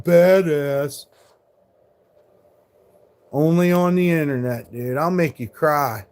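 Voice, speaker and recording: A man's voice: fairly high pitch, darkish tone. A man in his forties, live streaming and arguing with trolls in chat, combative and full of profanity. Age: 40s.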